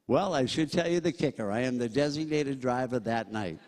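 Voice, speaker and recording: A man calling bids at a live charity auction, rattling off numbers quickly and cracking jokes between lots. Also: mid-range voice, darkish tone. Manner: rapid-fire bid calling with jokes. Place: large banquet hall. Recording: reverberant hall PA sound.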